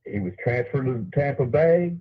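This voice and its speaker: Older male caller, friendly, husky voice over a tinny phone line. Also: medium pitch, animated, moderate pace.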